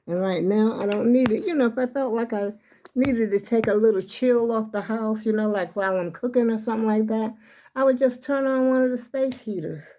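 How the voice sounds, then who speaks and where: A woman's voice: on the high side, fairly quick, dark tone. An older woman vlogging from her home kitchen, chatting in a meandering way straight to her viewers and sounding a little out of breath. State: slightly out of breath. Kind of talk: casual rambling vlog chat.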